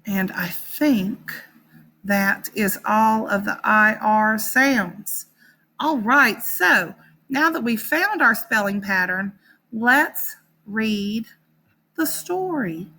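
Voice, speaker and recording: A woman teaching a phonics lesson to young children, sounding out words slowly and encouragingly. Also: on the high side, lively intonation, pushed and bright.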